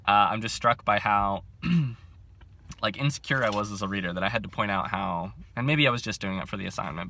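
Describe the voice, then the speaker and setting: Excitable twenties male book vlogger, self-mocking, bright edge, low-set voice, recorded on a phone. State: overcaffeinated. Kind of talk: casual chat to camera. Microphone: handheld phone.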